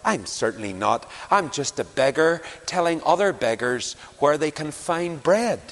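A Northern Irish preacher delivers a sermon built on anecdotes from his own encounters. His pitch sits in the middle but swings widely as he tells each story. The voice carries a long reverb through a church hall. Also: lively intonation, a little slow, fairly bright tone. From Northern Ireland.

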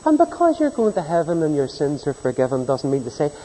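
Preacher in an echoey hall. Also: male voice, on the high side, wildly swooping pitch, fast talker, few pauses, a little hiss or hum. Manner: storytelling, mimics people in anecdotes, swings from hushed to loud. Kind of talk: sermon. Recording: echoey hall with long reverb.

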